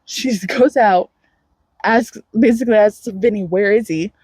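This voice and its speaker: A woman's voice: medium pitch, a little slow, husky, no echo. A woman co-hosting a book podcast, retelling a novel's plot in casual chat and acting out the characters' lines with lots of laughter. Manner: animated storytelling with frequent laughter and acted-out quotes. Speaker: podcast co-host.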